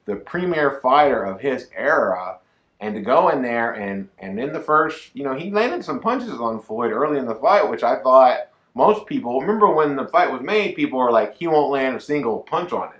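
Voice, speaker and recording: A man co-hosting a casual podcast, talking in a lively, jokey way with quick asides. His voice sits at a middle pitch with a bright, forceful edge, and the room gives it a noticeable echo. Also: lo-fi sound. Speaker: podcast co-host. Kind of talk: casual chat.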